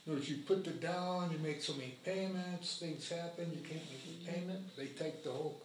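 A man in the audience speaks with indignation, halting and swearing as he goes. His voice is somewhat high. He sits well away from the mic in an echoey room with a faint hum. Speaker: audience member. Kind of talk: speaking up at a community meeting. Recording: echoey room heard from far off.

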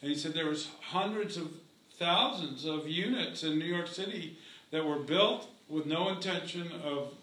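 A man speaking at a community meeting, steady and explanatory. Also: on the high side, normal speed. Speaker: housing activist. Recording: echoey room.

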